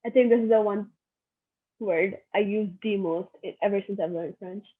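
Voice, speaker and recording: A woman's voice: mid-range voice, normal speed. A young woman giving a casual online French lesson, chatty and repeating each phrase for practice. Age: young adult. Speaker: French workshop teacher. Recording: thin phone-like audio.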